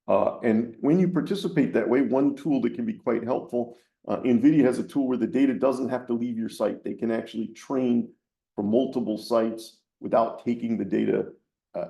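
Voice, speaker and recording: Guy answering webinar questions, lots of ums, dark gravelly voice. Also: mid-range voice, roomy sound. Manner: hesitant, many ums. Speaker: keynote speaker.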